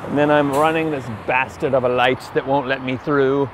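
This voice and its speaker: A man's voice: mid-range voice, steady tone, moderate pace. A man riding a bicycle around town and talking to himself, arguing back and forth in two voices and drifting in and out of a half-British accent. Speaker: vlogger. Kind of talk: rambling talk to himself while cycling. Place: outdoors on quiet town streets, riding a bicycle. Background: faint street and traffic noise.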